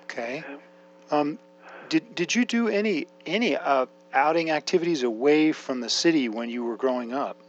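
A man's voice: fairly high pitch, lively intonation, normal speed, lo-fi sound. Man interviewer with faint music behind. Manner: brief prompts with fillers. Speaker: oral history interviewer. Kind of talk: interview questions.

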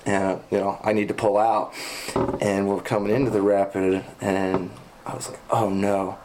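A man who is a river guide, telling trip stories in a casual interview, animated and laughing as he relives the action. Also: on the low side, a little hiss or hum. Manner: animated, laughs and shouts when retelling action.

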